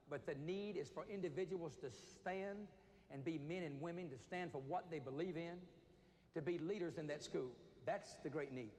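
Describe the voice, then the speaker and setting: A man's voice: fairly high pitch, darkish tone. Man speaking in a reverberant hall. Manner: storytelling, acts out voices of inmates. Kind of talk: motivational talk to teenagers. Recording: reverberant hall with faint noise.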